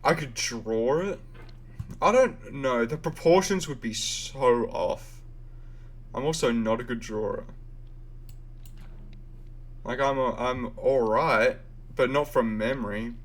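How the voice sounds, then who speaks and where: A man's voice: medium pitch, takes it slowly, long pauses. A young Australian man chatting loosely while live-streaming a game, full of fillers and the odd swear. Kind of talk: casual live-stream chat.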